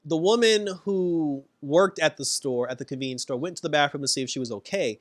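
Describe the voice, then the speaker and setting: A man in a casual, animated TV review, his voice sitting a little high. He laughs often and acts out the characters' lines as he tells the story. The sound is dry and close, with no room echo. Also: brisk. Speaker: TV episode reviewer.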